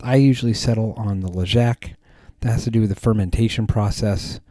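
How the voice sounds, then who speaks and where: A man's voice: fairly low pitch, steady tone, a little fast, mellow, dry recording. A man hosting a podcast, chatting casually in a rambling way with many ums and restarts. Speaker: podcast host. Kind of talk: casual chat.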